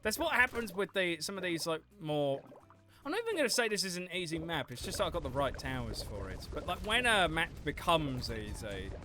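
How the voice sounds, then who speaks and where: Chatting loosely with viewers during a game stream, a young man rambles, curses freely, and reads messages from chat aloud. He speaks fairly quickly over music, his fairly high voice swinging widely in pitch.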